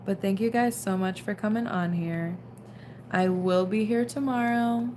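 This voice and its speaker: A woman's voice: medium pitch, measured pace, darkish tone, a little hiss or hum. A young woman casually chatting on a late-night livestream, reading out viewer comments and sounding tired. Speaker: livestream host.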